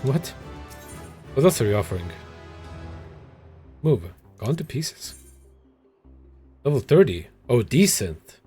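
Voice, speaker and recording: A man's voice: mid-range voice, very animated, slow, pauses often, dark tone, breathy edge, soft background music. A man casually commenting while streaming a game, wry and profane, muttering asides.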